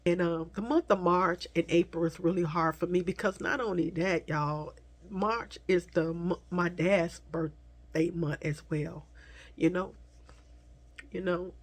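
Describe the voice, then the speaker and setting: A woman vlogger tearfully telling a personal story to her viewers, speaking softly and haltingly, at times dropping to a whisper. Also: fairly low pitch, breathy edge. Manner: soft, halting, slips into whispers, addresses viewers as y'all.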